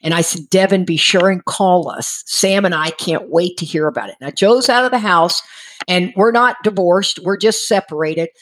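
A middle-aged woman telling a personal recovery story, animated and acting out the people she quotes. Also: lowish voice, moderate pace. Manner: animated, acts out quoted voices, frequent restarts. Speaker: speaker sharing a recovery story.

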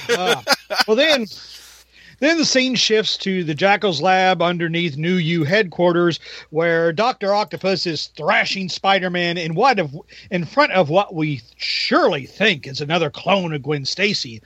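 A man's voice: high voice, expressive, moderate pace, sharp tone, dry recording. A man co-hosting a podcast, retelling a comic book in a rambling way, laughing and acting out quotes. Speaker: podcast co-host. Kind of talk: casual comic review chat.

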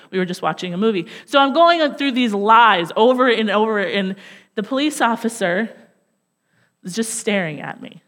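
A woman's voice: mid-range voice, a bit bright. Woman preaching a sermon in a reverberant hall. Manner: storytelling with self-deprecating humor, laughs often. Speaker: pastor. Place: church sanctuary.

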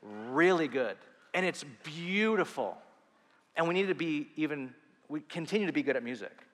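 A man preaching a sermon as pastor, earnest and animated, with quick asides and restarts. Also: on the high side, in a large hall.

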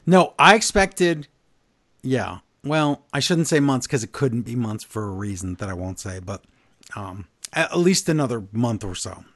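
A man's voice: mid-range voice, normal speed, dry recording, studio quality. Blunt, opinionated male podcast host. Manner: animated storyteller, blunt and opinionated. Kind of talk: casual wrestling recap chat.

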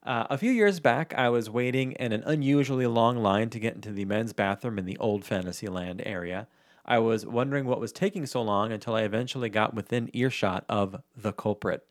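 A man's voice: fairly low pitch, brisk, no echo, clean studio sound. A man co-hosting a casual chat show, reading stories with easy amusement and frequent laughter. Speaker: podcast co-host.

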